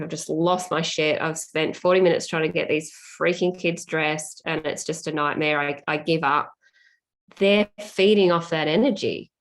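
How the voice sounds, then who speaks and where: A woman author speaking candidly and reflectively as an interview guest, talking in a plain, down-to-earth way. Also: deep voice. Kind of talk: casual interview talk.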